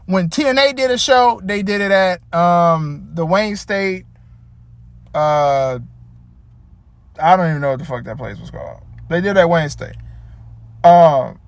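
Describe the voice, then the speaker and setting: A man with a high-pitched voice rants about a wrestling show in a loose, rambling way, cursing freely and getting animated. The recording is dry and close, with no room sound. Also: a little slow, pauses often, dry recording. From Detroit area. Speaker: wrestling commentator. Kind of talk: casual rant.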